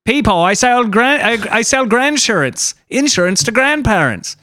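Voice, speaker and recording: Cara fazendo um vendedor irlandês de descascador, fala divagando, voz lisa e meio aguda, som seco. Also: male voice, extremely high pitch, very animated, moderate pace, pushed and bright, no room sound, exaggerated voice. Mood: earnest. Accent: put-on Irish. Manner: rambling, earnest storytelling with quoted voices. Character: male Irish-accented potato peeler salesman, rambling, deadpan. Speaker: improv performer. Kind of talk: improvised comedy bit.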